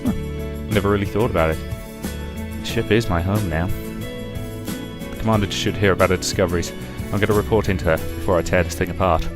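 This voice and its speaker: A man hosting a let's play, calmly reading a story game's narration aloud with casual asides. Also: low voice, fast talker, loud music behind the voice. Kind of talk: reading a visual novel aloud.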